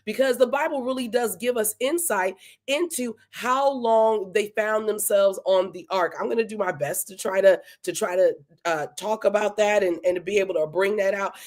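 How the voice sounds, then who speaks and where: A woman leads a live, verse-by-verse Bible study with enthusiasm, speaking conversationally and slowing down to read scripture with emphasis. Her voice is mid-range with a somewhat dark tone.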